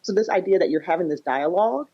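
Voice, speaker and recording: Low, husky woman talking fast. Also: lively intonation, warm tone, highs cut off. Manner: explains through acted-out examples, frequent "you know" and "kinda". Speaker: psychotherapist and parenting coach. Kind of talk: podcast interview.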